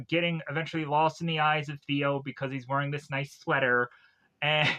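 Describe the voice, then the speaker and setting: A man's voice: fairly high pitch, bright, forceful tone, highs cut off. A man, a streamer, rambling casually through a film recap and personal stories, full of fillers and asides.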